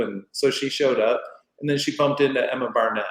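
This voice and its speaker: A middle-aged man tells a story at an easy, rambling pace, his voice sitting at an ordinary middle pitch. He slips into acted quotes as he goes. The sound carries a roomy echo. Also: brisk, fairly bright tone. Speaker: podcast guest. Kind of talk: casual storytelling. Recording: roomy echoey room.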